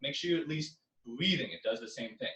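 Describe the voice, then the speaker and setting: A young man teaching a home karate class, coaching drills and counting moves with loud yells. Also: mid-range voice, expressive, a little fast. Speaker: karate instructor. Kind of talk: online exercise class. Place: living room. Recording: echoey room, far from mic.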